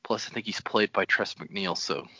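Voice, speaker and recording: A man's voice: deep voice, fairly quick, pushed and bright, breathy edge, dry recording, dull audio. A man co-hosting a casual book podcast, teasing his co-hosts and laughing easily. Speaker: podcast co-host. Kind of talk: casual book-club chat.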